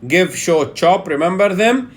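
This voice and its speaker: Chatty man with a high voice coaching. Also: lively intonation, measured pace. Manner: chatty, checks in with "yeah?" often. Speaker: public speaking coach. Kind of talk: live online teaching session.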